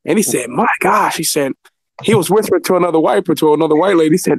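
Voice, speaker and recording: A man's voice: fairly high pitch, fast talker, vocal fry, breathy edge, dry recording. A man from California telling workplace stories in casual chat as a podcast co-host, acting out coworkers in a raised voice. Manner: storytelling, acts out coworkers in a raised voice, laughs often.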